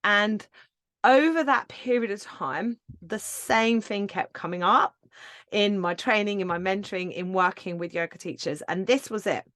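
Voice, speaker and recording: A woman's voice: medium pitch, unhurried, fairly bright tone, no echo, clean studio sound. A woman hosting her own podcast, talking alone with passion and emphasis, swearing casually and laughing now and then. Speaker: podcast host and yoga teacher mentor. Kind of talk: solo podcast monologue.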